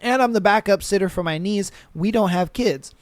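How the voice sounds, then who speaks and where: A man with a high voice hosts a podcast, reading listener stories aloud and breaking off to riff on them in lively slang. He talks into a close, dry mic with no room sound. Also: moderate pace, no room sound. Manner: animated, slangy, acts out quotes in voices. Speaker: podcast host.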